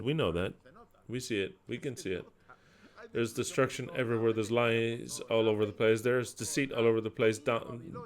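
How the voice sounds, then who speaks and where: A man delivering a sermon in an average-pitched voice. He declaims scripture forcefully, then drops into quiet, explanatory asides. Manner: emphatic, swings between loud declaiming and quiet asides. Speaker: preacher.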